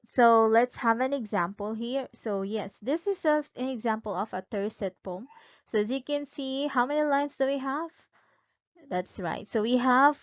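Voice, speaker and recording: Slow, careful woman teaching a lesson. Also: on the high side, no echo. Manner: asks questions to absent students and answers them herself; drawn-out, careful reading of examples. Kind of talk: recorded online lecture. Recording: dull, dry close recording.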